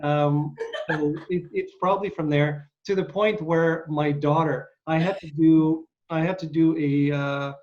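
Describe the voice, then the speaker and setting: Unhurried and barely pausing, this middle-aged podcast host has a slightly high, darkish voice and a steady tone. His casual interview talk is rambling and hesitant, packed with uhs, and the recording sounds dull and lo-fi.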